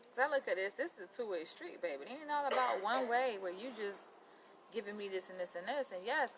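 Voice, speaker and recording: A woman's voice: mid-range voice, background noise. A woman in training as a psychologist, talking bluntly in a casual vlog and acting out conversations as she tells them. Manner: blunt, animated, quotes people in dialogue. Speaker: vlogger.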